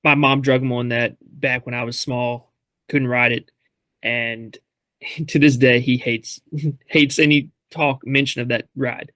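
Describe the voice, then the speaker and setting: A man's voice: mid-range voice, steady tone, measured pace, sharp tone, dry recording. A man co-hosting a podcast in casual chat, easygoing and chuckling as he talks. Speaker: podcast co-host.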